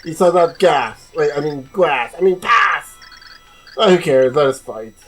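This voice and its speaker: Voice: medium pitch, lively intonation, a little slow, fairly bright tone, soft background music. A gamer voicing a pompous poison gate master who stumbles over his words.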